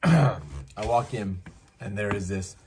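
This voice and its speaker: A man from Canada telling a story casually, lively and full of asides, as host. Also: fairly low pitch, slow pace, a little hiss or hum. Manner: animated, acts out voices, many asides.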